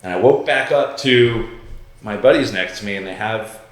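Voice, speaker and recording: A man with a low, deep voice tells a story on a podcast. He talks casually and with energy, swears freely and acts out the voices of other people. The room is very echoey. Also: moderate pace. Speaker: podcast guest.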